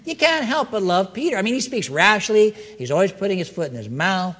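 A man preaching a sermon, swinging between loud, excited questions and hushed, slow lines. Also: high-pitched, long reverb tail. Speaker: pastor.

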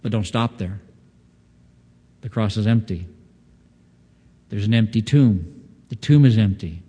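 A man's voice: on the low side, unhurried, dark tone, breathy edge. Man preaching in an echoing hall. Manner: earnest, teaching tone with rhetorical questions. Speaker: pastor. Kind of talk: expository sermon.

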